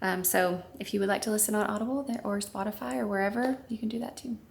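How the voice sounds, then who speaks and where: A woman's voice: medium pitch, fairly even intonation, quick pace, gravelly, slight background noise. A woman author co-hosting a casual chat, speaking in a heartfelt, reflective way. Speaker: author and co-host.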